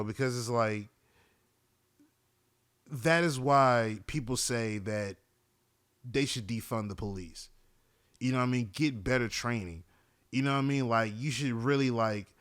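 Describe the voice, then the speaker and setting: A man's voice: mid-range voice, fairly bright tone, smooth, dry recording, studio quality. A man hosting a podcast in a casual monologue, rambling, swearing freely and often asking "you know what I'm saying". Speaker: podcast host.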